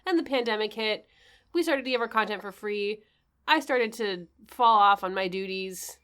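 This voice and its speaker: Young woman cohost, dry teasing podcast banter, mid pitch. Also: normal speed, a bit bright, clean tone. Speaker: podcast co-host. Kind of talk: casual chat.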